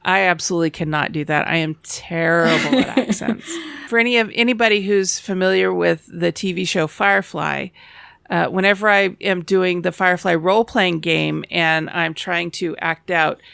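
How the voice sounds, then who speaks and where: Gravelly-voiced woman podcast co-host. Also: lowish voice, moderate pace, a bit bright, no room sound, clean studio sound. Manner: explanatory, self-deprecating. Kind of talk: casual chat explaining board games.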